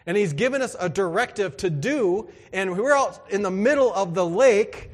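A man delivers a sermon with animated, conversational energy, breaking into exclamations and little acted-out voices. His voice sits a bit high for a man. The sound carries a long reverb from a big hall. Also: moderate pace. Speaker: pastor.

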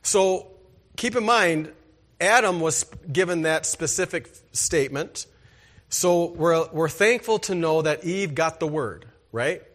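A man's voice: on the high side, expressive, slow, a bit bright. A man preaching a sermon as pastor, emphatic and asking the congregation rhetorical questions.

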